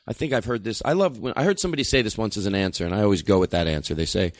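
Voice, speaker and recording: A man's voice: on the low side, racing, no room sound, studio quality. A man hosting a radio show, rambling through comic stories and laughing often. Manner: rambling, laughing, lively storytelling. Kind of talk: casual comedic banter.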